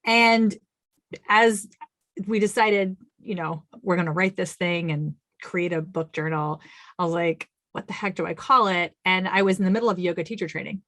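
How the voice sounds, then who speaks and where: A woman's voice: lowish voice, steady tone, normal speed, a bit bright, dry recording. A woman guest on an interview podcast, telling stories with animation and acting out her own quotes. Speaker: author guest.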